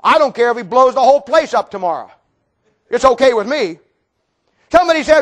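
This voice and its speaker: Fiery man preaching a sermon in a very high voice, folksy and full of rhetorical questions, breaking into shouts. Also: expressive, brisk, pauses often.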